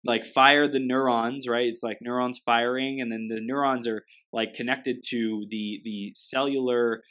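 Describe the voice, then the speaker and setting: A woman's voice: extremely low pitch, steady tone, unhurried, fairly bright tone. A woman hosting an interview, affirming her guest and speaking hesitantly, with many fillers. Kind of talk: conversational interview.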